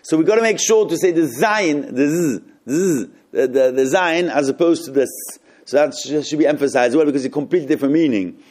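A man leading a group text study, reading passages aloud slowly and then explaining them and puzzling over them. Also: on the high side, a little mellow.

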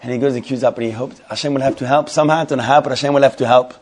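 A man tells a story to his Torah class at a brisk pace. His delivery is animated, with plenty of repeated words and quick restarts. His pitch sits in the middle of the ordinary range. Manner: rapid, animated, many restarts and repetitions. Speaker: Torah teacher.

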